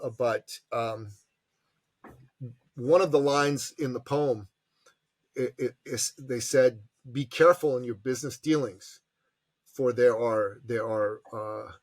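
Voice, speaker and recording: A man, an entrepreneur advisor and podcast guest, telling stories with passion and emphasis and acting out quotes in lively voices. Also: mid-range voice, takes it slowly, long pauses, no room sound. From immigrant to Canada from a tyrannical country. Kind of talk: animated storytelling interview.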